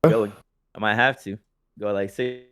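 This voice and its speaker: A man's voice: on the low side, fairly even intonation, normal speed, a bit bright, smooth, dry recording. A man co-hosting a podcast, telling a story in casual chat, swearing freely and laughing often. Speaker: podcast co-host.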